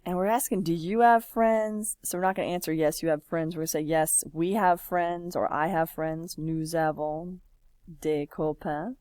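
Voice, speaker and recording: Slow, patient woman teaching French. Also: fairly low pitch, a little mellow, no echo, clean studio sound. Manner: patient, encouraging, slow and drawn-out. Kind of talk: classroom lesson, typing while explaining.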